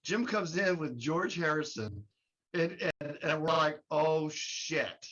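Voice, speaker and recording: A man guest telling a lively story in casual chat, laughing and acting out the people in it. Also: fairly high pitch, takes it slowly. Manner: animated, laughing, acts out quotes. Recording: muffled with faint noise.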